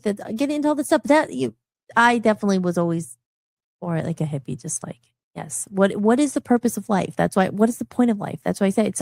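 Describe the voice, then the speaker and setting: A middle-aged woman musician hosting a live radio talk show, rambling and animated, often restarting her sentences. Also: mid-range voice, creaky, no room sound, studio quality. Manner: animated, rambling, frequent restarts and self-interruptions.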